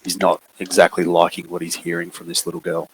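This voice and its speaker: A man, running a tabletop game and describing the scene with many pauses and fillers. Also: deep voice, very animated, gravelly, slight background noise, low-quality recording. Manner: unhurried, hesitant with many fillers. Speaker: game master.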